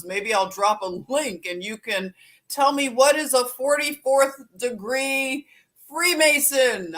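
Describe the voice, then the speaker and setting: A woman's voice: on the high side, fairly bright tone. A woman hosting a live stream, chatting casually and greeting viewers by name with easy laughs.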